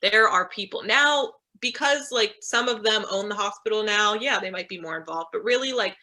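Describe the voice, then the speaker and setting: A woman's voice: mid-range voice, normal speed, bright, forceful tone. A young woman in her twenties speaking as a guest on a video call, candid and chatty with lots of "like". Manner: candid, chatty, says "like" often. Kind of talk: casual chat.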